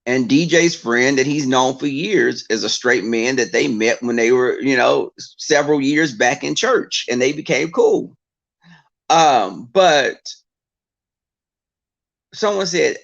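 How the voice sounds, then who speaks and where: A man chatting casually to his viewers, telling stories in an animated way and breaking into mocking impressions of others. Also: mid-range voice, takes it slowly, creaky, highs cut off.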